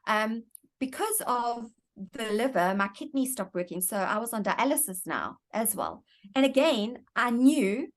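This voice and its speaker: A woman guest in an interview, telling her personal story in an earnest, reflective way and often repeating words as she thinks. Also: a little high.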